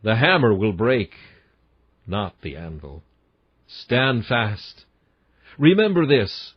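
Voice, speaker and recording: A man's voice: lowish voice, big pitch swings, takes it slowly, husky, no room sound, muffled recording. A man reading a classic sermon aloud in an emphatic, earnest preaching cadence. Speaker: sermon reader.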